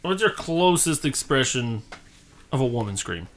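A man's voice: medium pitch, big pitch swings, normal speed, fairly bright tone, slight background noise. A man co-hosting a casual podcast, leading the talk with teasing questions. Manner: teasing, leads the discussion. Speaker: podcast co-host. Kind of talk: casual chat.

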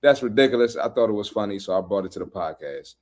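A fast-talking man with a lowish voice hosts a fitness podcast, reacting bluntly and animatedly to social media posts with slangy trash talk.

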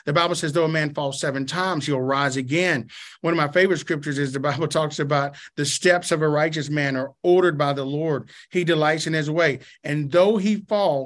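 A male pastor with a fairly high voice tells a personal story as a guest. He talks in an animated way and moves into fervent, preacher-like exhortation.

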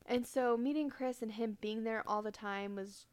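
A woman's voice: a little high, steady tone, normal speed, clean tone, no room sound. A young woman co-hosting a podcast, retelling a true crime case in a casual chatty way, with lots of fillers. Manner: chatty storytelling with many fillers and quoted asides. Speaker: podcast co-host.

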